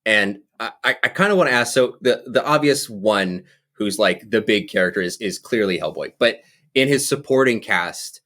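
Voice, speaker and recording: A man co-hosting a casual movie podcast, animated and laughing often as he acts out scenes. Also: on the low side, normal speed. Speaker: podcast co-host.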